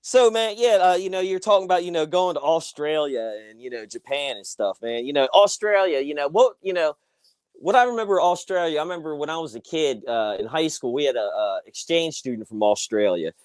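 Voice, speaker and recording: High-voiced man hosting casually. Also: lively intonation, fairly quick, a little mellow, clear, resonant tone, dry recording. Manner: laid-back, many fillers and laughs. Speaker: interview host and former referee. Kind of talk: casual interview chat.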